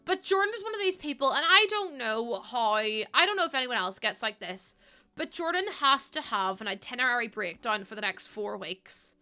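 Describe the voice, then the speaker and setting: Girl chatting on stream, bright voice, laughs a lot, a bit of music in the back. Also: on the high side, expressive, moderate pace. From Ireland. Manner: chatty, laughs often, talks to chat. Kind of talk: casual live-stream chat.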